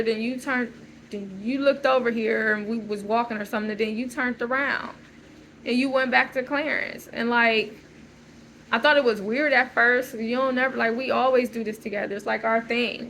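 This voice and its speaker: A woman's voice: on the high side, steady tone, moderate pace, fairly bright tone, slight background noise, low-quality recording. A woman in an unscripted emotional monologue, rambling and agitated, repeating "like" as she talks. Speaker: vlogger.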